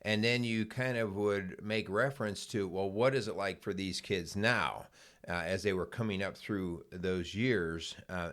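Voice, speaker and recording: A man's voice: low-pitched, fairly bright tone. A middle-aged man co-hosting a podcast, telling a long story casually with plenty of fillers and restarts. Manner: rambling, with many fillers and restarts. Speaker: podcast co-host.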